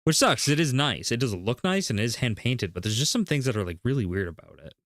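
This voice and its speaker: A man's voice: medium pitch, very animated, fast, fairly bright tone, dry recording, studio quality. A man streaming, telling a story in casual chat, rambling and full of fillers.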